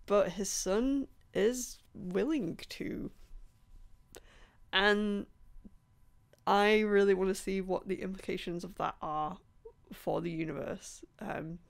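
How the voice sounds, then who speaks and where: A woman vlogging about books in a casual, rambling, enthusiastic way, with many ums and a voice going hoarse. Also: medium pitch. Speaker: book vlogger. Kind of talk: casual book review chat.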